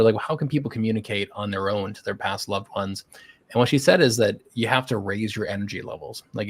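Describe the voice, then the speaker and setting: A man hosts a podcast in a low voice. He chats casually and encouragingly, and he swears now and then. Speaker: podcast host. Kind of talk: casual interview chat.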